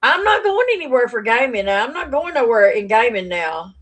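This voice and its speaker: A woman's voice: fairly high pitch, sing-song, brisk, a bit bright. A woman chatting animatedly on a casual live stream, rambling with lots of fillers, into a plugged-in external mic. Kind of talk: casual livestream chat to viewers. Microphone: plugged-in external mic on phone stream.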